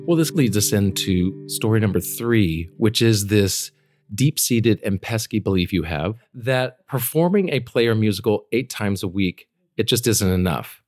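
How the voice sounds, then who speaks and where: A man's voice: on the low side, animated, measured pace, a little mellow, dry recording, faint music behind. A man hosting a podcast, talking in a friendly, conversational way and summing up what his guest thinks. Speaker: podcast host. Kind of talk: interview conversation.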